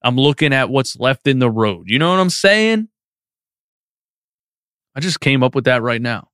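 A man's voice: medium pitch, lively intonation, normal speed, fairly bright tone, smooth, no echo, studio quality. A man hosting a live post-game sports stream, reading chat questions and ranting with feeling. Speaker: sports podcast host.

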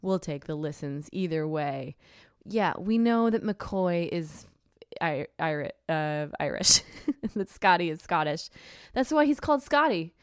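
A young adult woman co-hosting a casual podcast, sarcastic and animated, laughing often as she talks. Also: on the low side, a little slow, clean tone, no room sound, clean studio sound. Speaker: podcast co-host.

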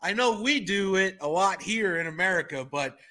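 A man's voice: high voice, animated, normal speed, bright, forceful tone. A man hosting a podcast in casual chat, wry and chatty with hesitant asides. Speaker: podcast host.

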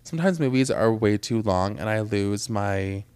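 Lower-voiced young man, effusive podcast chatter. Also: animated, moderate pace, darkish tone, clear, resonant tone, no echo. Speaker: podcast co-host. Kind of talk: casual chat.

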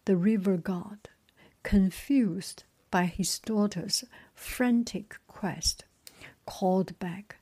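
A woman in whispered storytelling, softly reading a myth and adding her own asides. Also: mid-range voice, drawn-out words, slightly rough.

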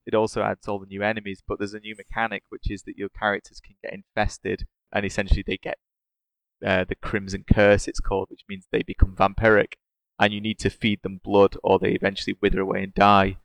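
Male podcast co-host, low and gravelly, enthusiastic. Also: completely flat delivery, brisk, dry recording. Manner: enthusiastic, laughing often. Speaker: podcast co-host discussing games. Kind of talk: casual chat.

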